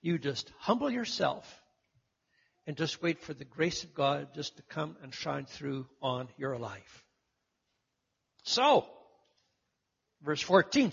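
A lively, high-voiced man preaches a sermon and leans into acting out the story's voices. His voice rises and falls a lot, slightly husky. The sound is muffled, with a long hall echo behind him. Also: slow, long pauses.

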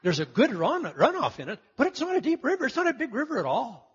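A lively, high-voiced man preaches a sermon and leans into acting out the story's voices. His voice rises and falls a lot, slightly husky. The sound is muffled, with a long hall echo behind him. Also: quick pace.

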